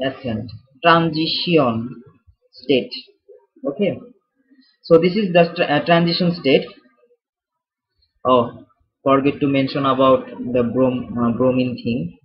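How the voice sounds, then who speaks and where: Husky young man tutoring chemistry, lo-fi. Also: a little high. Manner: self-deprecating, restarts words, addresses viewers as fellas. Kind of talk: casual whiteboard tutorial. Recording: dull lo-fi sound.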